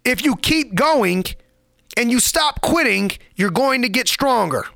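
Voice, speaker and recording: A man's voice: extremely high pitch, animated, a little slow, creaky, sharp tone, dry recording, clean studio sound. A man giving a motivational podcast monologue, preachy and emphatic, repeating lines for effect in casual street slang.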